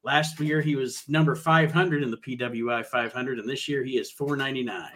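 A man's voice: medium pitch, steady tone, fairly quick, a bit bright. A man hosting a casual podcast, recapping a show with frequent "uh" fillers. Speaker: podcast host.

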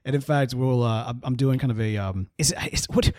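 A man co-hosting a podcast in casual chat, animated and quick to laugh, often restarting his sentences. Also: mid-range voice, no room sound, clean studio sound. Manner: animated, laughing, self-interrupting. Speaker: podcast co-host.

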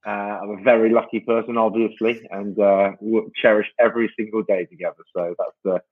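A man's voice: fairly low pitch, little pitch movement, brisk. A man from the United Kingdom, a rugby player guest, answering interview questions casually and modestly. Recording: dull lo-fi remote line.

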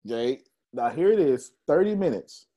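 A man's voice: mid-range voice, normal speed, muffled recording. A man giving a motivational talk, telling a story with laughs and speaking straight to his audience. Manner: animated, laughing storyteller addressing the crowd.

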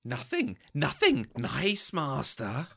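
A man's voice: medium pitch, huge pitch swings, slow, creaky, pushed and bright, breathy edge, full character voice. A man voicing a sly, wheedling creature in a fan reading, repeating words in a fawning way.

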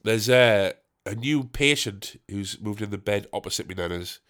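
A man's voice: fairly low pitch, normal speed, a bit bright. A young man, a stand-up comedian, hosting a solo podcast in a rambling, candid, sweary way.

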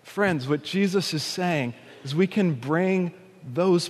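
A man preaching a sermon, dramatically acting out shouted cries and slowing to a hush on key points. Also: high voice, big-room sound. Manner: slows and softens on key points. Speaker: pastor.

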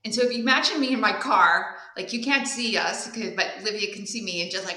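A woman guest telling personal stories in a candid, animated way, laughing often during the interview. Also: medium pitch, a little fast, few pauses, echoey room, low-quality recording. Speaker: guest speaker and coach. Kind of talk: casual interview storytelling.

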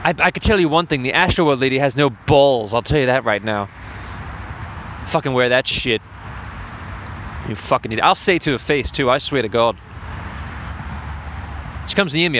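Guy ranting and swearing nonstop at a game, sharp bright voice, outside with faint street noise behind. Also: medium pitch. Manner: profane ranting, frequent swearing. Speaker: host. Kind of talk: crude running commentary. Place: outdoors at a lacrosse game.

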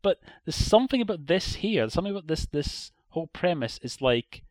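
A man's voice: fairly high pitch, big pitch swings, a little fast, no room sound. An Irish man co-hosting a podcast, giving a blunt, opinionated critique in a casual chat. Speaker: podcast co-host.

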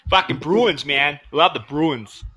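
A man's voice: fairly high pitch, slow, sharp tone. A man trading crude, profane jokes with a friend while streaming, laughing often. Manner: profane, laughing, joking in a rowdy voice.

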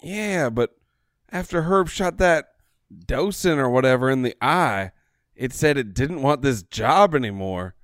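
A man's voice: medium pitch, expressive, unhurried, a bit bright, no echo, clean studio sound. A man joking sarcastically while playing a tabletop game. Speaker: player. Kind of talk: casual chat during a tabletop game.

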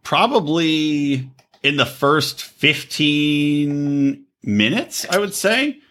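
A man hosting a podcast, chatting casually and profanely, acting out quotes in high squeaky voices. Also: drawn-out words, slight background noise. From Los Angeles area. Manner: animated, swearing, acts out quotes in high voices. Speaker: podcast host.

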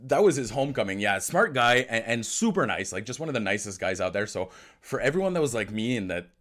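Francophone co-host, mid-pitched, animated and rambling, casual sports chat. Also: male voice, fast. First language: French. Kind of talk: casual hockey livestream chat.

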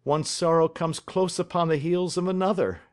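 A man's voice: fairly high pitch, fairly even intonation, normal speed, voice pushed up, natural voice. A man voicing an agitated, distraught banker. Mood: grieving. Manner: agitated, pleading, bursts of emotion. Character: distraught middle-aged male banker, excitable. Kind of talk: audiobook character reading.

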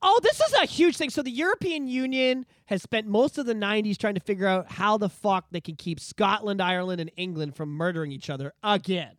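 A man's voice: sits high, expressive, fairly quick, few pauses, fairly bright tone, no room sound, studio quality. A man in his thirties from Canada, co-hosting a casual podcast and telling profane, joking rants. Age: 30s. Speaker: podcast co-host.

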